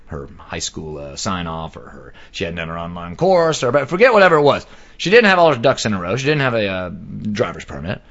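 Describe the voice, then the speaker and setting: A man's voice: on the low side, fairly bright tone. A middle-aged man hosting a podcast, telling a long exasperated story with voiced quotes and many fillers. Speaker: podcast host. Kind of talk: casual storytelling monologue. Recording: dull lo-fi sound.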